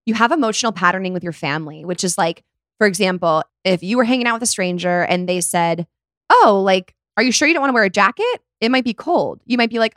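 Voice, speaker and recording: A woman's voice: medium pitch, expressive, quick pace, a bit bright, no echo, clean studio sound. A young woman co-hosting a casual chat, talking freely with many "like" fillers. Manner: chatty, lots of "like" fillers. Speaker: podcast co-host.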